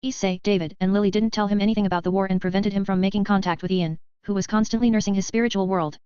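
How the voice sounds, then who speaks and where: Woman narrating an audiobook real fast, super clean voice, slightly dull dry sound. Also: medium pitch, fairly even intonation, warm tone, clean tone, no echo. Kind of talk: scripted narration.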